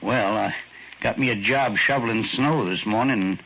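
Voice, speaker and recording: A man's voice: lowish voice, moderate pace, lightly acted. A man playing a timid, humble little old man who stammers and apologizes, in 1940s radio acting style. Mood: grateful. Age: older. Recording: muffled old radio recording, faint hiss.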